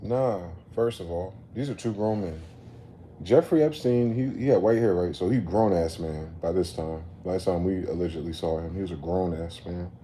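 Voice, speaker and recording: A man ranting in a late-night commentary vlog, animated and profane, repeatedly telling listeners to slow down. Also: sits low, a little hiss or hum. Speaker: commentary vlogger. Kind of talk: late-night rant to camera.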